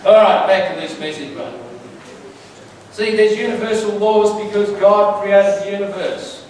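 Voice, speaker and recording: A man's voice: sits high, fairly even intonation, normal speed, darkish tone. A man giving a conversational sermon in a church, telling stories and asking the crowd questions. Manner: chatty, storytelling, asks the crowd questions. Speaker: church speaker. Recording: very echoey hall, mic far off.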